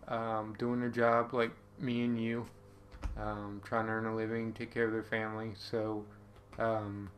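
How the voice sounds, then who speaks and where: A man's voice: fairly low pitch, monotone, unhurried, a little hiss or hum. A man casually telling a personal story to camera, rambling with lots of ums and uhs.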